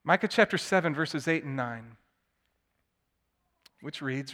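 A man preaching a sermon, swinging from hushed tones to loud, emphatic declamation. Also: fairly high pitch, normal speed, pauses often. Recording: long hall reverb.

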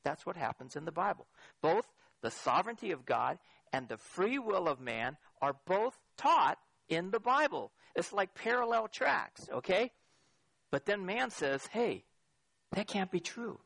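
A man's voice: high voice, measured pace, vocal fry, dry recording. A middle-aged man preaching a sermon as pastor, asking the audience questions and swinging his voice up for emphasis. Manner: lively, questioning the audience directly.

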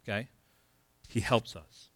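Delivering a sermon slowly, a California pastor keeps things lively and conversational, dramatizing scenes with playful sound effects. There's no room sound in the recording.

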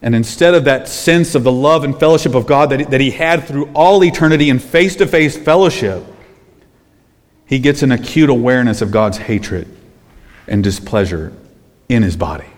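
Male pastor, mid-range voice, emphatic sermon delivery with hushed lows and loud peaks; long hall reverb. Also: moderate pace. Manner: emphatic, swings from hushed low phrases to loud raised ones.

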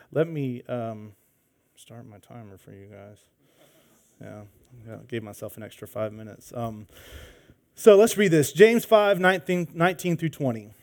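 Animated male pastor telling a story. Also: on the high side. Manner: animated storytelling, acts out voices. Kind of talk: sermon with personal story.

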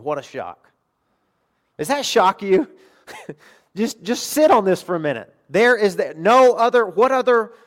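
Animated emphatic male preacher. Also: fairly high pitch. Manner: animated, emphatic preaching with sudden quiet asides. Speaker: pastor. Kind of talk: sermon.

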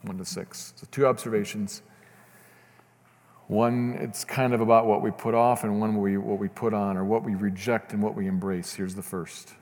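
A man's voice: lowish voice, level tone, moderate pace, a little mellow. A man preaching a sermon as pastor, earnest and building to fervent emphasis. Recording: long reverb of a church hall.

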